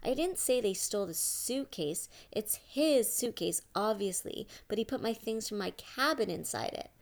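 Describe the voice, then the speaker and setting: A woman voicing a harsh, controlling female camp warden who talks loud and insistent. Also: mid-range voice, expressive, moderate pace, voice pushed up, natural voice. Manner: loud, insistent, near-hysterical.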